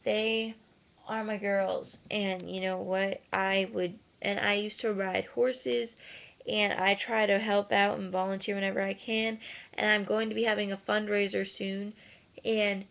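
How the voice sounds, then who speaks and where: A woman's voice: medium pitch, flat delivery, measured pace, creaky, fairly bright tone. A woman vlogging about animal cruelty, earnest and indignant, with sarcastic asides. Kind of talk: casual webcam rant.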